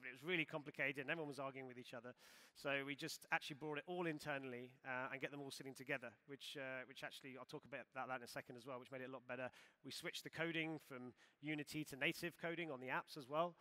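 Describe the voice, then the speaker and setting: A man giving a conference talk, casual and brisk, with frequent fillers. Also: medium pitch, sharp tone. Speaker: conference speaker. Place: conference stage.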